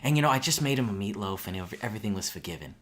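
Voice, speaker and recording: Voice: low-pitched, animated, racing, a bit bright. A performer playing a gushing elderly retired woman. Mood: lively. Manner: gushing, easily scandalized, exclaims often. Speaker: movie reviewer on a comedy show.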